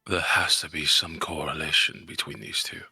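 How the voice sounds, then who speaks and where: A man's voice: rumbling low, fairly even intonation, normal speed, creaky, bright, forceful tone, breathy edge, dry recording, studio quality, soft background music. A man speaking his character's lines in a tabletop game, hesitant and questioning. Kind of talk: in-character role-play.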